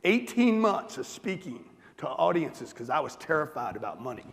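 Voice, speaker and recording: An American man gives a blunt, profane motivational talk to a live audience in a large hall, firing questions to rouse the crowd. His voice sits on the high side, sing-song and creaky, at a normal speed. The recording carries the long reverb of the big hall.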